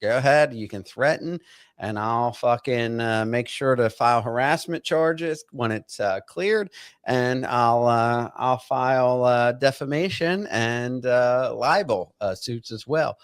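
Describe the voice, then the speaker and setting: A man's voice: medium pitch, measured pace, smooth, no echo, clean studio sound. A man as a podcast guest, ranting angrily and profanely, stumbling over words with many fillers. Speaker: guest bartender. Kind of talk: angry podcast rant.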